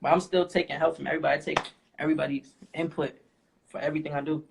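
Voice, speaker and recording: A young man, a rapper guest, talking casually and haltingly with lots of fillers. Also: a little high, level tone, creaky. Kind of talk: casual interview talk. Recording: faint background noise.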